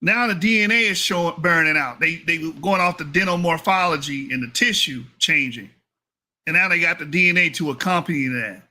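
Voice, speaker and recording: A man's voice: fairly high pitch, brisk, sharp tone. A man giving heated reaction commentary, mocking and profane as he corrects someone's reading of a paper.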